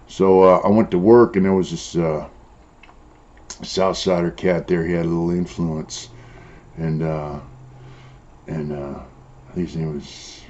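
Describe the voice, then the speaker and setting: An older man from San Diego in Southern California, a former prisoner being interviewed, tells prison stories in a blunt, profane way, his speech full of "uh" and "you know." His voice is low-pitched and warm. The casual storytelling comes through on a dull lo-fi recording.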